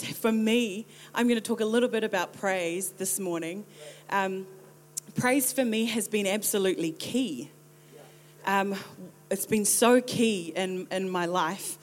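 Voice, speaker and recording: A New Zealand woman in her thirties gives a sermon with a lively, joking delivery. Her voice sits at an ordinary middle pitch for a woman, and she slips playfully into quick impressions. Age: 30s. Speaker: pastor.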